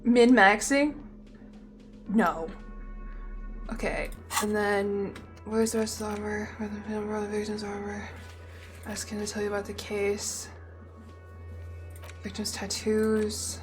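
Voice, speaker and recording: A woman's voice: medium pitch, steady tone, slow pace, pauses often, faint music behind. A young woman streamer giving chatty, playful gameplay commentary at a desk mic. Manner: chatty, playful, impulsive, often laughing.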